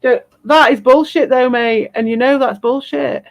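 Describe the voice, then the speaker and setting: A woman's voice: high voice, fairly even intonation, normal speed, rough recording. A woman streaming live, ranting bluntly and combatively and swearing freely. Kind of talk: livestream rant.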